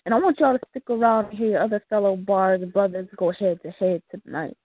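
A woman's voice: mid-range voice, fairly quick, slightly rough, no echo. A woman hosting a casual live call-in radio show, upbeat and laughing often, using loose slang. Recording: tinny phone-like call audio.

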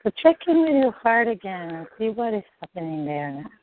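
A woman guiding someone through a heart-centered coaching session, speaking softly and slowly to reassure him. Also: medium pitch, big pitch swings, slight background noise. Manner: soft, slow, reassuring. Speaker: guide. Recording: dry phone-like line.

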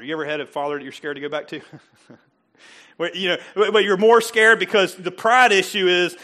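A high-pitched, sharp-toned middle-aged man preaches a little fast, keeping his sermon casual and conversational. This pastor tosses joking asides to the congregation and acts out the voices in his quotations.

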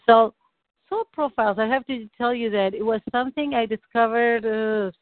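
A woman's voice: fairly high pitch, moderate pace. A woman coach guiding a call, affirming and encouraging and steering with questions. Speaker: coach or practitioner. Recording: dry, tinny phone line.

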